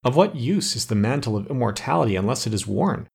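Noble forest immortal, earnest and pleading; a man reads him, husky storybook tone. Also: mid-range voice, sing-song, fast, a little mellow, heavily acted.

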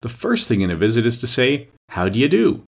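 A man's voice: medium pitch, very animated, a little fast, creaky. A man voicing a stubborn, contrary little twin brother in a storybook reading.

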